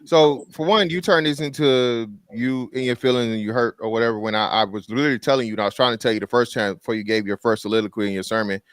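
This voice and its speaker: A man's voice: mid-range voice, fairly even intonation, quick pace, hardly any pauses, clean tone, dry recording. A man on a podcast panel, blunt and provocative, talking over the others in a heated argument. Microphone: studio microphone.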